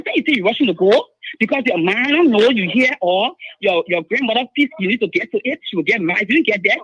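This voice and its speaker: Woman caller, Liberian English, husky, rapid and lively, insistent. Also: fairly high pitch, no room sound. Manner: urgent, insistent, repeats herself. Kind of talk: emotional phone-in account. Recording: dull phone line.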